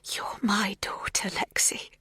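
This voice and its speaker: A woman voicing an intense middle-aged woman who speaks in a soft, breathy, cajoling whisper. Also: takes it slowly, no room sound, clean studio sound. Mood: tender. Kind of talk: audiobook dialogue.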